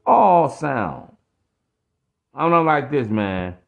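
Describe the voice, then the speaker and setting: A man's voice: mid-range voice, very animated, very slow, creaky, phone-quality sound. A man hosting a podcast, ranting in a preachy, profane monologue full of repetition. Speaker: podcast host.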